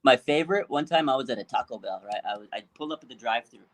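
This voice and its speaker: A man's voice: medium pitch, expressive, racing, rough recording. Chatty man co-hosting sports talk. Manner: chatty, laughs easily, tells fan stories. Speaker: co-host.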